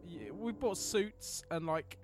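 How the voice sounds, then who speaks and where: A man chatting as a player in a tabletop game, asking quick questions. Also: sits high. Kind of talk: casual chat.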